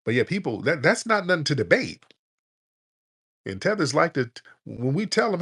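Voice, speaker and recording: Blunt, profane male host ranting on a live audio show; lively, swooping delivery. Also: a little high, moderate pace, long pauses, slightly rough. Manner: blunt, profane, animated rant. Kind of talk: casual live audio chat.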